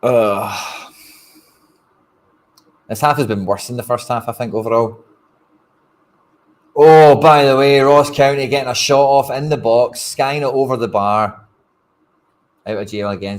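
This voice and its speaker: A Scottish man giving casual, frustrated live commentary on a football match to his stream viewers, talking bluntly and straight to the audience. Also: fairly low pitch. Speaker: fan streamer hosting a watch-along.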